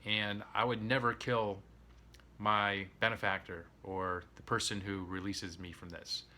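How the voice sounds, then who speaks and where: A man's voice: on the low side, level tone, a little slow, pushed and bright. A man voicing a crafty female crocodile in a spoken folk tale, pleading then matter-of-fact.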